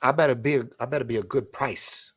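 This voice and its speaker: A man in his forties hosting a late-night livestream, rambling excitably with stammering restarts as he reads viewer comments aloud. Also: medium pitch, quick pace, husky, no echo. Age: 40s. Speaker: livestream host.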